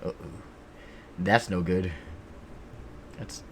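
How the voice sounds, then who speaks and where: Low-voiced man streaming a game. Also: moderate pace, slight background noise. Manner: rambling, joking with chat, distracted. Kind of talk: casual live-stream chat.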